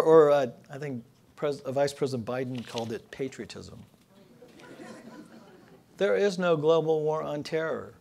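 With a voice on the high side and a little mellow, a political cartoonist gives a public lecture in a lecture hall. He tells jokes in a dry storytelling style, working each up to the punchline.

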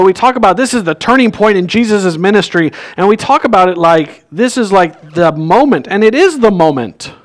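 A male pastor giving a sermon in a church, telling a story in a casual way and acting out the characters' lines. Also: high-pitched. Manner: conversational storytelling, acts out quoted lines. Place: church sanctuary.

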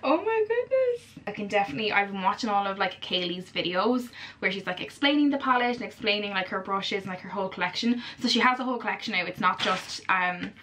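Gushing, excitable young Irish woman. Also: medium pitch, fast talker, slight background noise. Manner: gushing, excitable, chatty with many fillers. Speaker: vlogger. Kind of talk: casual vlog chat.

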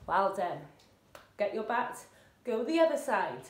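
A fitness instructor leads a seated exercise warm-up from a chair in an indoor room, her high, upbeat voice very animated and encouraging, punctuated by cheery whoops. She keeps a measured pace, and her tone is darkish. The room sounds echoey.

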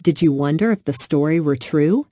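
A woman reads a children's storybook aloud in a gentle, expressive way. Her voice is lowish with a dark, mellow warmth, and the sound is dry and close. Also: normal speed, no room sound. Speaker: narrator.

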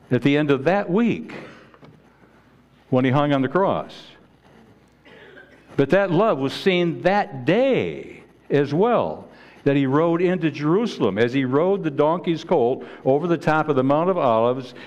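A man preaching a sermon as pastor in a church, earnest and halting, often restarting and repeating words. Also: medium pitch, a little mellow. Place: church sanctuary.

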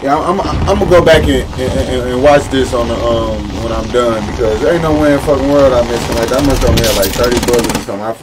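A man chatting casually while playing a video game, excitable and ranting in slangy, profane complaints. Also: medium pitch, fast, hardly any pauses. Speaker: gamer. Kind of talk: casual gameplay chat. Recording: noisy game and vehicle sounds behind.

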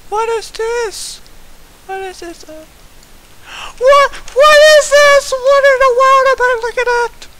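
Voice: very high voice, little pitch movement, slow pace, long pauses, a bit bright, heavily acted, poor audio. A performer voicing an eleven-year-old boy playing a game for the first time, rambling with many uhs and easily shocked, in a staged gameplay commentary skit.

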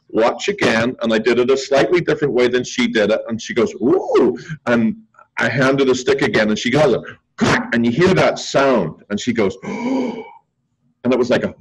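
Husky man telling a lively story. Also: medium pitch, poor audio. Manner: animated storyteller acting out quotes. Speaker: martial arts instructor, guest. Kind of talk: storytelling in casual chat.

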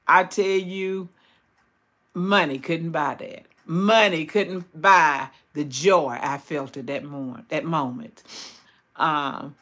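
A woman's voice: fairly low pitch, fairly bright tone. An older woman from Tennessee with a Southern accent, praying and chatting with viewers on a livestream, repeating words for emphasis. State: recovering from hip surgery. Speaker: YouTube channel host. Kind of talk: livestream prayer and chat with viewers.

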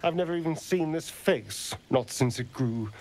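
A man's voice: a little high, animated, moderate pace, darkish tone, slight background noise, close to an everyday voice. An actor voicing a sly, flirtatious male vampire spawn elf in a video game, drawling and teasing, slipping into seductive whispers. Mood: earnest. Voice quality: gravelly, drawling.

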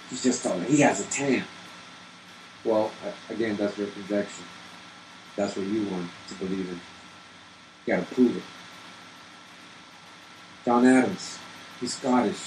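A man's voice: mid-range voice, a little mellow. A man reading colonial muster rolls aloud and challenging viewers with rhetorical questions. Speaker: genealogy video host. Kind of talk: reading records aloud with commentary. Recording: echoey room with faint air-conditioning hum.

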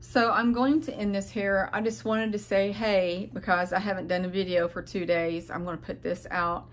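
A woman's voice: medium pitch, flat delivery, normal speed, slight background noise. A tired, unwell middle-aged woman speaking to her viewers in a rambling, hesitant, heartfelt vlog monologue, often searching for words. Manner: earnest, heartfelt address to viewers. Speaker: vlogger. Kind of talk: casual personal vlog monologue.

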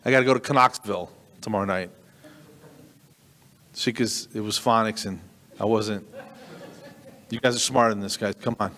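A man in his fifties doing a stand-up comedy set, deadpan and self-deprecating, with halting starts and restarts. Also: mid-range voice, in a large hall. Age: 50s.

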